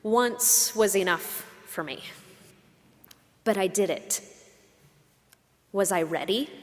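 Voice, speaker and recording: Lady preacher giving a sermon, slow and heartfelt, big echoey church sound. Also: medium pitch. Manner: emotional, reflective storytelling with rhetorical questions. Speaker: pastor. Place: church sanctuary. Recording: long hall reverb.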